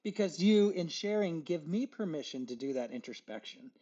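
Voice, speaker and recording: A man on a podcast talks in a reflective, halting way, stumbling over words and voicing his own thoughts aloud. His voice is very dark and mellow yet sits a little high. The recording sounds dull and muffled. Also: expressive. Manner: reflective, stammers and restarts, acts out inner dialogue. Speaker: podcast guest. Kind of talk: casual conversation.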